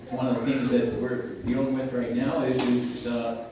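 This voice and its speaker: An older man preaching a sermon in a church, speaking conversationally with frequent halting restarts. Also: medium pitch, little pitch movement, noisy background. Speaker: pastor. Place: church sanctuary. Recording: echoey church livestream from far off.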